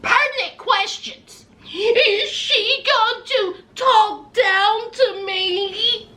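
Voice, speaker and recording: A woman's voice: extremely high pitch, drawn-out words, sharp tone. A woman giving a blunt, mocking commentary recap of a reality TV episode, talking straight at the people she discusses and acting out what they said. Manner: acts out quoted lines in put-on voices.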